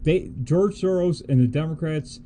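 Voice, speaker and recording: Mellow-voiced man ranting indignantly. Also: on the high side, normal speed, slight background noise. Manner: indignant, scornful, laughs easily. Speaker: co-host of a political livestream. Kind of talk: casual political commentary.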